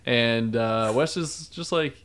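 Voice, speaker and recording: A man's voice: mid-range voice, slow pace, fairly bright tone, clean tone. Chatty man with a mid-range voice. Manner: chatty, laughs often, many fillers. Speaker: podcast co-host. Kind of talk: casual chat.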